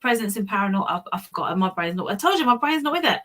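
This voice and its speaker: A woman's voice: medium pitch, very animated, very fast, a bit bright. A woman from Hemel Hempstead with a Southern English accent, a guest telling stories in a chatty, self-deprecating way. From Hemel Hempstead, England. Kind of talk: casual storytelling chat.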